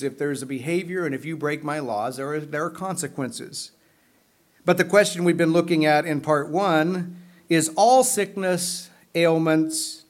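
A man preaching to his congregation in a slightly high voice. He teaches at a measured pace and slows down to lean on each scripture verse. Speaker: pastor. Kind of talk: sermon.

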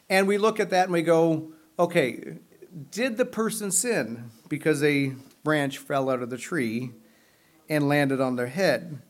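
A man preaching a sermon, teaching in a measured way and slowing down to stress scripture verses. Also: fairly high pitch. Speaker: pastor.

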